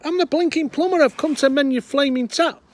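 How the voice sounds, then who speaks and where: An exasperated male plumber, as a man voices him in a joke, calling out his trade again and again. He is loud and pushed up in pitch, losing patience. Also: expressive, normal speed. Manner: increasingly fed-up, insistent.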